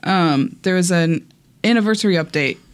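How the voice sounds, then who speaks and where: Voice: mid-range voice, normal speed, smooth. A casual podcast co-host chatting through gaming news, with frequent ums and casual swearing.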